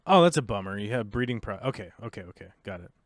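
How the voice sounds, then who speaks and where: This livestream host from the United States speaks in a fairly low voice with vocal fry, and there's no room sound. He chats casually, rambling and filling pauses while reading comments from viewers.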